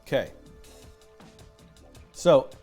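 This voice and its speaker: A man hosting a live coding stream, chatting casually, animated and self-mocking, laughing often. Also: drawn-out words, soft background music. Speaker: livestream coding host. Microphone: headset with music in his ear.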